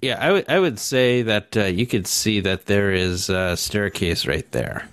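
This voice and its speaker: Man, game master, fairly low voice, dry close sound, hesitant fillers. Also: lively intonation, a little slow, fairly bright tone, no room sound. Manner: reads descriptions aloud, hesitant fillers. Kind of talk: narrating a tabletop game.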